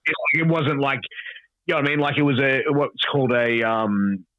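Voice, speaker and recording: An Australian man in his thirties tells a story with lively, unfiltered energy, swearing casually and voicing the people in it. His voice sits at an ordinary middle pitch. The recording is dry and a little muffled, like a plain podcast mic. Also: normal speed, no echo. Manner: animated, swears freely, acts out quoted dialogue. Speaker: podcast guest. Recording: dull, dry podcast audio.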